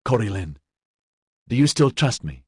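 A male narrator voicing a gentle, steadfast man who speaks softly and reassuringly. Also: big pitch swings, a little slow, breathy edge, dry recording, studio quality. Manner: soft, reassuring, low. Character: gentle, steadfast man comforting his love.

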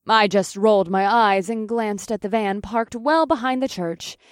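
A woman reading a first-person audiobook at a mid pitch, steady and matter-of-fact, with the odd curse dropped in. The recording is dry and close. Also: unhurried, no room sound. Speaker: audiobook narrator. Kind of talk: first-person scripted narration.

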